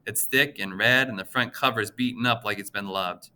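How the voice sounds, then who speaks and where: A man reading a children's novel aloud as the audiobook narrator, in an even storytelling manner. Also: lowish voice, moderate pace, smooth.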